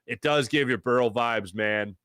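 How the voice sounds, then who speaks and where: A man hosting a live sports talk show, reading viewer chat in a jokey, animated way and greeting chatters with loud excitement. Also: medium pitch, normal speed, smooth, dry recording, clean studio sound.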